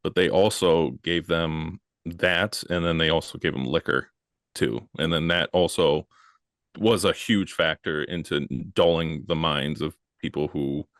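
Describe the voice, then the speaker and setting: Deep-voiced man, earnest and halting. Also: a bit bright, no room sound, clean studio sound. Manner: earnest, halting, lots of fillers. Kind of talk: casual podcast discussion.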